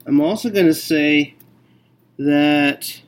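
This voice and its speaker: A man teaching a math lesson, working through a problem slowly and thinking aloud with frequent okays. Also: fairly high pitch.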